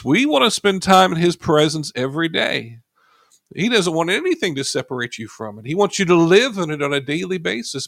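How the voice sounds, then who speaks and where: Gravelly-voiced male preacher. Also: on the high side, a bit bright, no echo, studio quality. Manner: reads scripture aloud and leads prayer. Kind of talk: sermon.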